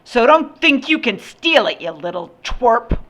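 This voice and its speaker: A woman voicing a grumpy, sour old man in a storybook reading, talking in a gruff, contrary way. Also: on the high side, very animated, unhurried, fairly bright tone, voice pushed up, exaggerated voice.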